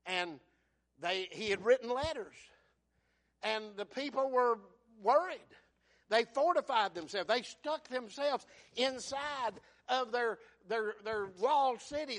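High, bright preacher. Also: male voice, unhurried. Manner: swings from hushed to shouting, folksy storytelling. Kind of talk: sermon.

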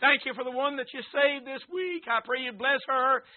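A man preaching a sermon as a visiting preacher, reading scripture and praying, often rising to a shout. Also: extremely high pitch, normal speed. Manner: shouting preacher cadence, fervent. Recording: tinny phone-like recording.

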